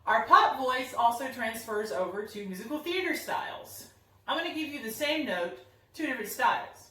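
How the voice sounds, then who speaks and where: Bright, lively young woman voice teacher. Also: fairly high pitch, normal speed. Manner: upbeat and explanatory, friendly teaching tone. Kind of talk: singing lesson demonstration. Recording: roomy echo, somewhat far from the mic.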